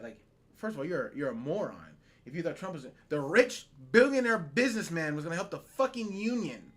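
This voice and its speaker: A man's voice: on the high side, animated, moderate pace. A man co-hosting a podcast, ranting in heated, profane, incredulous bursts during casual talk. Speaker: podcast co-host.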